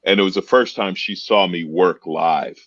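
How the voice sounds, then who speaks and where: Deep-voiced man telling animated stories. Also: normal speed, muffled recording. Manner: animated storyteller, acts out quotes in raised voice. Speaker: comedian guest. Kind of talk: casual podcast conversation.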